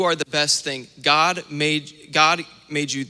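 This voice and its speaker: Bright young preacher in a reverberant church. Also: male voice, on the high side, slow, smooth. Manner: animated storytelling with acted-out asides. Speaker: minister. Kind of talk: sermon. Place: church sanctuary. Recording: long church hall reverb.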